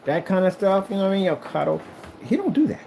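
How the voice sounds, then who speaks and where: A man's voice: high voice, very animated, fast, vocal fry, warm tone, a little hiss or hum, rough recording. A man chatting casually to camera in an emphatic, rambling way, often repeating himself. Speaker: vlogger.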